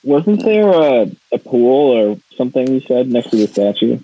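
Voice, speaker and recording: A man playing a tabletop game, joking in a deadpan way. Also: medium pitch, normal speed, dry recording, poor audio. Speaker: player. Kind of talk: casual tabletop role-play.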